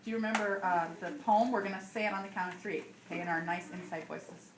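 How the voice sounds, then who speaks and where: A woman teaching kindergarten, leading the children in song and gently coaxing them into place. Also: medium pitch, steady tone, fast. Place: classroom. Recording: echoey room with loud noise.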